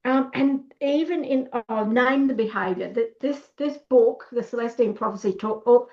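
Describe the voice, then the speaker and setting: On a muffled recording, a middle-aged workshop speaker talks casually during a webinar at a moderate pace, her voice on the high side. She tells stories, performs quoted dialogue, and restarts her sentences many times.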